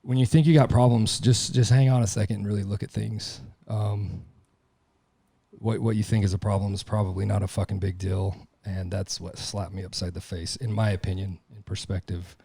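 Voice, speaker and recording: A man's voice: on the low side, fairly even intonation, moderate pace, vocal fry, dark tone, slightly rough, no echo. A man hosting a podcast, talking candidly and confessionally, ranting with frequent profanity. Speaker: podcast host and tattoo shop owner. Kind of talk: candid monologue.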